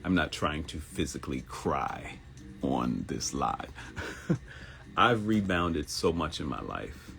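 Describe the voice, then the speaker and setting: A man in his fifties hosts a live morning show, delivering a motivational monologue full of repeated phrases and high, mocking voices for quotes. He sounds animated yet slow and gravelly, with a fairly bright tone over soft background music.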